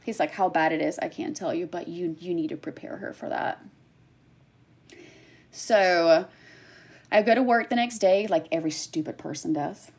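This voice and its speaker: A woman in her thirties telling a personal story in conversation, animated and acting out what others said in quick bursts. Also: lowish voice, husky. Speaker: guest sharing a personal story.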